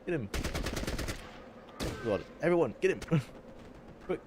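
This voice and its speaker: A young man with a Welsh accent chatting casually while streaming a game, barking quick orders at his squad. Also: on the high side, sing-song, heavy background noise. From Wales. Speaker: livestreamer. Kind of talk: live gameplay commentary.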